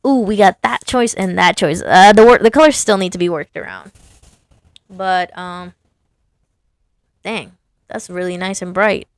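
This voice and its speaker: Chatty woman with a gravelly low voice. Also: unhurried, long pauses, no echo, studio quality. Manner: chatty, self-amused, thinking aloud. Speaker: sign designer. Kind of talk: casual design commentary while working.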